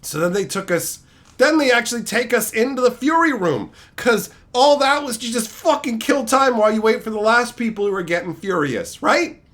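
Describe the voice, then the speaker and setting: A man streaming live, telling a story as an exasperated, profane rant that builds into shouting. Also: extremely high pitch, expressive, normal speed. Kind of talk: ranting storytelling to a live chat.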